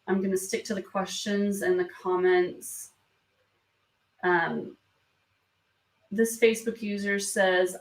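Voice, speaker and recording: Teary woman reading comments, gravelly voice. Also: medium pitch. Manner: soft, hesitant, many ums and restarts. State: emotional, fighting back tears. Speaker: beauty vlog host. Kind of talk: live stream reading viewer comments. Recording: roomy sound from a distance from the mic.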